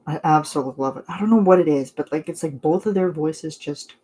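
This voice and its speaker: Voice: medium pitch, fast talker, hardly any pauses, a little mellow, a little hiss or hum. A non-binary young adult vlogger in a casual live chat with viewers, talking in a gushing, rambling way full of fillers and little laughs.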